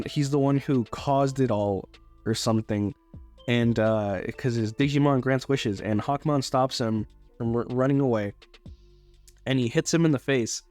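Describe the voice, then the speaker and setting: A man's voice: medium pitch, a little mellow. A young man casually recapping a movie, rambling with loose, swearing talk and frequent restarts. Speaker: YouTuber reviewing a movie.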